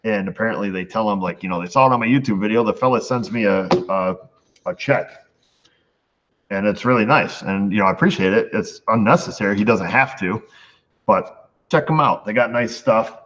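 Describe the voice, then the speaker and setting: Talking fairly quickly in a lowish, fairly bright voice, this channel host, a middle-aged shop owner from New York State who runs an auto shop, chats loosely with his audience and laughs at his own rambling tales. The audio is dull and lo-fi with faint noise behind it.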